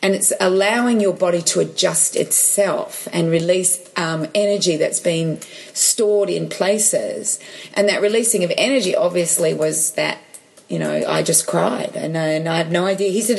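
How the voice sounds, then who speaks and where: Woman with a gravelly low voice. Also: moderate pace. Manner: chatty storyteller with restarts and quoted dialogue. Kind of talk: casual chat, personal story.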